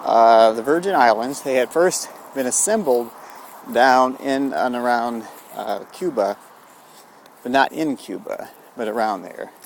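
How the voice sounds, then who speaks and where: A man's voice: mid-range voice, measured pace, a little hiss or hum. A man telling a rambling story outdoors, meandering with frequent restarts and fillers. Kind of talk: rambling spoken tale.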